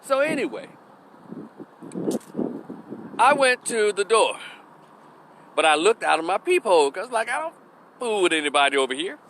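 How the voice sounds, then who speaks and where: Rambling, cussing vlogger man. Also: high-pitched. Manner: rambling, profane, animated retelling. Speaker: YouTube creator. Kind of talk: storytime vlog.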